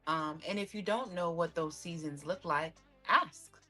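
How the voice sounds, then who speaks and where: Woman guest, soft-spoken, lower pitch, advising. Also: measured pace, soft background music. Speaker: podcast guest. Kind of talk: conversational advice.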